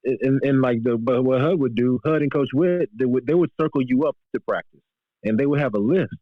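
Halting male caller on dull lo-fi audio. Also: mid-range voice, no room sound. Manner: halting, repeats words. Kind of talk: casual call-in chat.

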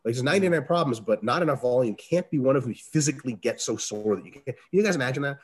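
A man answering interview questions as a strength coach, talking casually, with salty language and lively acted-out quotes. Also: medium pitch, fast talker, breathy edge. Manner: profane, animated, acts out quoted dialogue.

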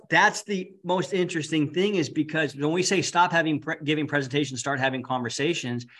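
A man who coaches public speaking, a podcast guest in casual chat, excited, ramped up and profane. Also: a little high.

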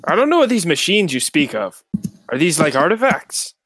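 A man's voice: fairly high pitch, big pitch swings, normal speed, a bit bright. A man voicing a greedy dwarf from the mountains in a clumsy put-on Irish accent. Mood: curious. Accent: put-on Irish, badly done.

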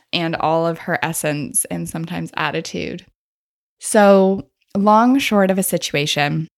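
A woman's voice: fairly low pitch, no echo, clean studio sound. A woman hosting a podcast, telling stories in a chatty, casual way and laughing often. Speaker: podcast host. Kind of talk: casual storytelling.

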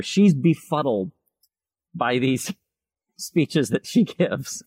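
A man's voice: mid-range voice, expressive, takes it slowly, husky, no room sound. A middle-aged man, an author speaking as a guest in a casual interview, reflective and musing as he talks. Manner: reflective, musing, warm laughter.

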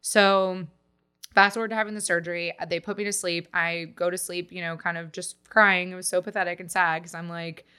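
A bright, smooth-voiced woman in her thirties shares a personal story on a podcast. She talks candidly and animatedly, full of fillers, with a slightly low pitch. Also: little pitch movement, brisk. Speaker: guest.

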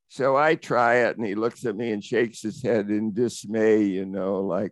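A man's voice: fairly low pitch, measured pace, no room sound, studio quality. A middle-aged man from the United States, vividly and reflectively telling an adventure story as an interview guest. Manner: vivid, reflective, rising into excitement. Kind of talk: animated adventure anecdote.

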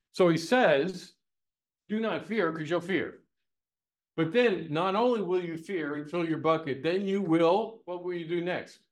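Speaking a little high, a man gives an informal Bible teaching to a live crowd. He's animated and folksy, tossing out many rhetorical questions and bits of homespun humor.

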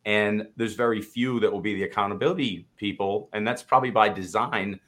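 A man's voice: fairly low pitch, fairly even intonation, a little fast, a bit bright. A man co-hosting a podcast, speaking in a candid, reflective way that rambles and restarts. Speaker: podcast co-host. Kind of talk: casual conversation.

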